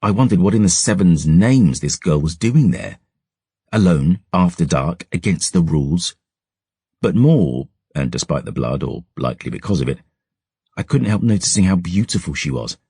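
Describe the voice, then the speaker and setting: A man narrating a dark fantasy audiobook in a measured, brooding storytelling manner, close to a studio mic. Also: low voice, expressive, husky, dry recording.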